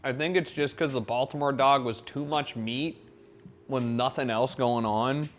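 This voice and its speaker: An unhurried man with a mid-range voice and fairly even intonation live-streams his cooking from his home kitchen. Over a wired mic he swears freely, rambles and talks back to the chat.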